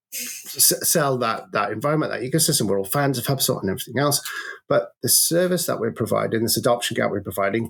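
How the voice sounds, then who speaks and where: A man with a gravelly edge to his voice, a guest on a business interview show. He talks in an animated, storytelling way, doubling back on words and stacking examples as he explains his thinking. His pitch sits in an ordinary middle range. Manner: storytelling, animated, frequent restarts. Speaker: agency co-founder, podcast guest.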